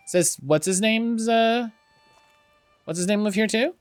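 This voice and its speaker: A man streaming a video game, chatting excitedly and reading in-game text aloud. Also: high voice, clear, resonant tone, soft background music. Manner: excitable, swears casually, reads item text in a measured voice. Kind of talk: casual let's-play commentary, reading game text aloud.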